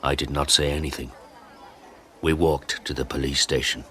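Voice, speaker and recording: A man reading a simple storybook aloud for English learners, slow and clear. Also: a bass voice, fairly even intonation, pushed and bright, a little hiss or hum. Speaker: story reader.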